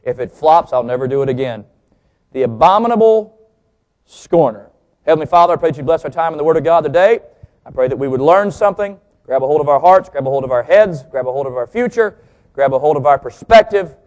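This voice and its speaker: A man preaching a sermon, joking with the congregation, slowing down and stressing key words as he teaches. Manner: lively, joking, pitch swings for emphasis. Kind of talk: sermon with jokes.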